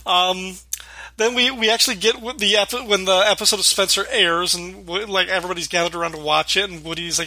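Bright, gravelly man chatting with laughs. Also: sits high, fairly even intonation, fast talker, dry recording, poor audio. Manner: laughs often while retelling scenes, acts out quoted lines. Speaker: podcast co-host. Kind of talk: casual podcast chat recapping a sitcom episode.

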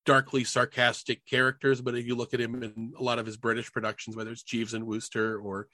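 A man co-hosting a casual podcast chat, talking in an animated way and laughing often. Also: mid-range voice, brisk, no room sound. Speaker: podcast co-host.

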